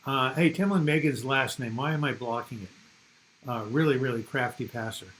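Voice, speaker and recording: A man's voice: mid-range voice, normal speed, fairly bright tone, a little hiss or hum, low-quality recording. An older man from the United States hosting a casual live chat, rambling and reading viewer comments aloud.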